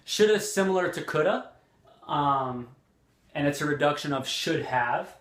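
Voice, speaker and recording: A man teaching an English lesson, speaking deliberately and repeating example phrases, with frequent fillers. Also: a little high, animated, a bit bright, roomy sound. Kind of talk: slow, clear language lesson.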